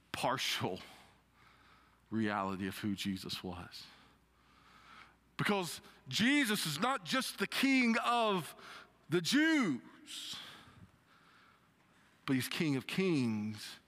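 A man preaching a sermon, reading scripture and retelling it with expressive rises and drops. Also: takes it slowly, pauses often. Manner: expressive preaching with dramatic pitch swings when quoting scripture. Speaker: pastor.

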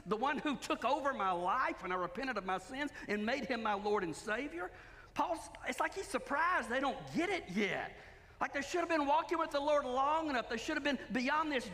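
A man's voice: very high voice, sharp tone. A man preaching a sermon as pastor, emphatic and full of rhetorical questions. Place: church sanctuary. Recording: long hall reverb.

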